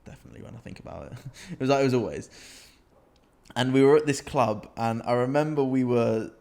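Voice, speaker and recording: Young british guy on a podcast, mid pitch, telling crazy stories and laughing a lot. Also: a little fast, creaky. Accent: British English. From Britain. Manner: animated anecdote-telling, laughs often. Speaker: podcast co-host. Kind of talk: casual storytelling chat.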